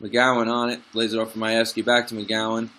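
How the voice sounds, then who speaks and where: A young man commentates his own football management game, swinging between excited play-by-play and frustrated asides. His voice is lowish and fairly quick.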